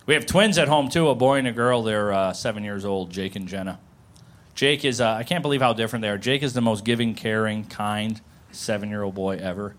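A man doing a stand-up comedy set about his family, animated and acting out shouts and whispers. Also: on the low side, brisk.

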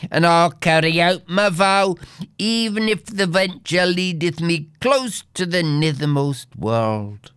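A man's voice: fairly high pitch, slow, a bit bright, clear, resonant tone, no echo, clean studio sound, voice pushed up. A man voicing a bold young earl who declares his vow in old-fashioned speech. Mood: defiant. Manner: archaic, defiant declaration.

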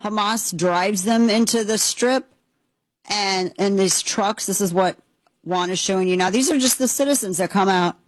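A woman's voice: medium pitch, moderate pace, no room sound, low-quality recording. An American woman hosting political commentary, emphatic and opinionated, rambling with frequent restarts. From United States. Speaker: commentary host.

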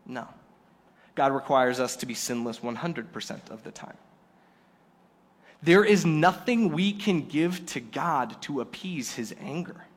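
Guy preaching a sermon, kinda high voice, gets loud then drops real quiet when he acts stuff out. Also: normal speed. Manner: animated, acts out little quoted scenes with shifting loudness. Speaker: pastor.

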